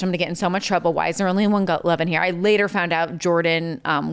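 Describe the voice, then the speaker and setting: A woman's voice: on the low side, clear, resonant tone. A woman guest in casual chat, telling stories with many "like" fillers. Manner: chatty storytelling full of "like" fillers. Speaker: podcast guest.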